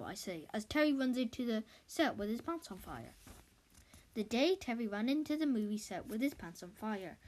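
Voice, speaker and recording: A woman reading a children's story aloud in a lively, playful way. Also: on the high side, normal speed. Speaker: reader of a children's book.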